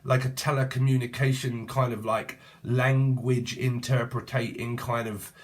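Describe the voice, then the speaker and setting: A man's voice: mid-range voice, level tone, unhurried. A British man in his forties giving a rambling, jokey tarot reading full of swearing and sudden sing-song asides. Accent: British English. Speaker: tarot reader.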